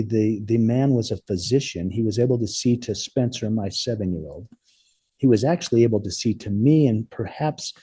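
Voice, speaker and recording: A man telling a personal story as an interview guest, speaking earnestly and haltingly, often repeating words as he goes. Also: medium pitch, warm tone, husky, no room sound, studio quality.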